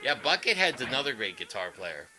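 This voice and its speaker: Male guitarist streamer, animated and rambling, greets the chat between licks. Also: medium pitch, fairly quick, heavy background noise. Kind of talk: casual livestream chat.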